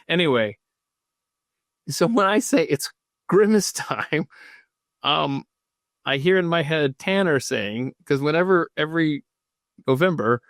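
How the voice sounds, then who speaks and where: Male podcast host reading live comments, mid-pitched, rambling, self-deprecating, dry close sound. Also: big pitch swings, a little slow, long pauses, a bit bright, dry recording. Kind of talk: casual rambling livestream chat.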